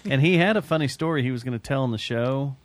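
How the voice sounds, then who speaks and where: A man's voice: mid-range voice, fast, no echo. A man hosting a podcast, chatting casually in a rambling, jokey way with some swearing. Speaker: podcast host. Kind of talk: casual chat.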